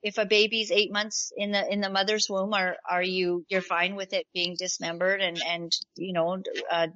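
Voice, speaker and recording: Canadian candidate lady telling a story, really bright voice, dry kinda dull sound. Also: medium pitch, moderate pace, dry recording. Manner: animated storyteller, acts out quoted voices, many restarts. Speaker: political candidate. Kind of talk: interview answer, storytelling.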